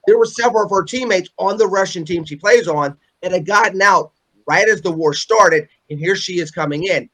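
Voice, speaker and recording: High-voiced man hosting a political panel. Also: fairly bright tone, poor audio. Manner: pointed, rapid-fire questioning. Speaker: host.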